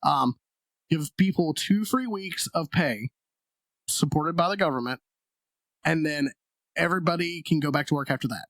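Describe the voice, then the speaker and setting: A man's voice: on the high side, moderate pace, long pauses, a bit bright, no room sound. A man co-hosting a comedy podcast, rambling and swearing in casual chat and laughing often. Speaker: podcast co-host.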